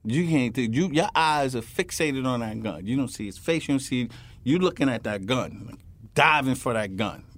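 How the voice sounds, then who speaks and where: A man's voice: mid-range voice, lively intonation, moderate pace, fairly bright tone. A man, a retired police officer, telling stories in an interview and acting out the people in them. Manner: acts out scenes in quoted voices, emphatic. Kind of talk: animated storytelling interview.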